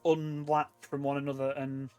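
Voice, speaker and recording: A man's voice: fairly high pitch, flat delivery, moderate pace, darkish tone, smooth, faint music behind. A man narrating as game master over a voice call from his room, in a loose, rambling way full of fillers. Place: his own room at home. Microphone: computer mic on a voice call.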